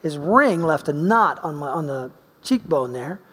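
High-voiced preacher in a reverberant hall. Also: male voice, a little slow, breathy edge. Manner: animated storyteller, swinging between loud emphasis and quiet asides. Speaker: pastor. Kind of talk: sermon with personal storytelling. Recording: long reverb of a large hall.

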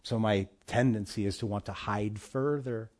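A male pastor preaching a sermon, addressing the congregation directly with emphatic swings between loud and soft. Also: on the low side, steady tone, normal speed.

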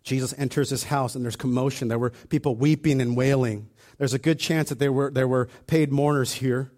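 Male preacher, sermon, casual and animated, acts out asides. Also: medium pitch, a little fast. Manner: conversational, animated retelling with acted-out asides.

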